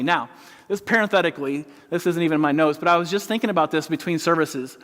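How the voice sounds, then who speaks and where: A middle-aged man pastor preaching a sermon, telling a story in an animated way. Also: fairly high pitch, fast. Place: large church auditorium. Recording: long reverb in a large hall.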